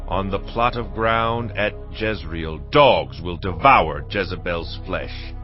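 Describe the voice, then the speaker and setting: A man's voice: sits low, expressive, slow pace. A man playing a ruthless zealous king. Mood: stern. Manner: forceful, issuing orders. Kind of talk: dramatized scripture reading. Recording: dull lo-fi with music beneath.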